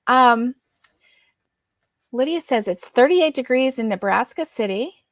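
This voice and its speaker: Slow, chatty woman livestream host. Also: on the high side, expressive, dry recording, clean studio sound. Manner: chatty, reads comments aloud and greets viewers by name. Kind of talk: casual chat reading viewer comments.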